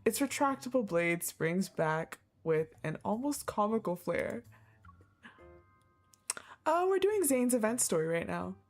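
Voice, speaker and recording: Excitable woman streamer with a lively voice. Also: mid-range voice, a little slow, faint music behind. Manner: excitable, laughs a lot, reads the story aloud. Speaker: streamer reacting to a game. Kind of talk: casual live reaction.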